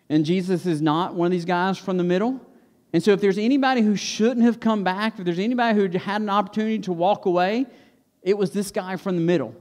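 A man's voice: high-pitched, a little mellow. A man preaching a sermon to his church, earnest, repeating phrases for emphasis. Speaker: pastor. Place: church sanctuary.

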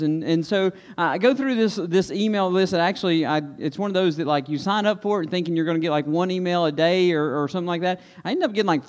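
A male pastor preaching a conversational sermon and leading a prayer in a church sanctuary, with an earnest, plain-spoken manner. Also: sits high. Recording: long hall reverb.

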